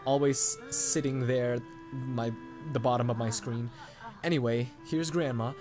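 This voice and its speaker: A man's voice: medium pitch, fairly even intonation, unhurried. A man hosting a let's play, chatting and joking in a rambling way over his gameplay, on a condenser mic. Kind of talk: game commentary. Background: game music.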